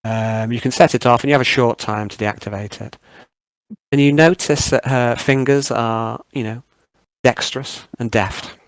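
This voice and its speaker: Gravelly-voiced man running a game. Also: mid-range voice, steady tone, normal speed, dry recording. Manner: hesitant, full of ums. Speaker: game master. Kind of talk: narrating a tabletop game.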